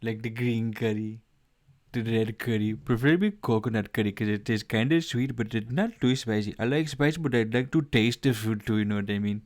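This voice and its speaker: A man putting on a loud fake Indian accent. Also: medium pitch, brisk, lightly acted. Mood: enthusiastic. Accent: exaggerated put-on Indian accent. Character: cheerful male traveler raving about food.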